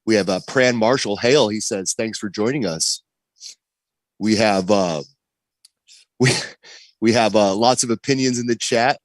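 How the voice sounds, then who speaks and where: A man's voice: lowish voice, a little slow, no echo. Laid-back man, dry close mic. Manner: laid-back, filler-heavy talk. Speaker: co-host. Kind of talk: casual livestream chat.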